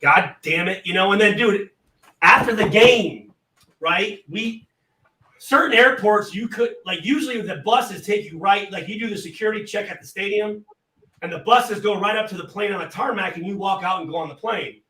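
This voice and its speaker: Brief: man, raised pitch, profane storyteller who acts out quotes; roomy echo. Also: moderate pace, pushed and bright, far from the mic. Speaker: former player telling a story. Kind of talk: casual storytelling on a live show.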